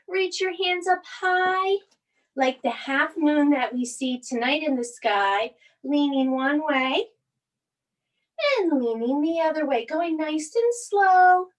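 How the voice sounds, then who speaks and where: A woman guides children through a bedtime yoga session in a soft, soothing, sing-song voice. She speaks high and unhurried, drawing out each phrase as she reads a picture book between poses. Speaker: yoga instructor. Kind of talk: children's bedtime yoga class with storybook reading.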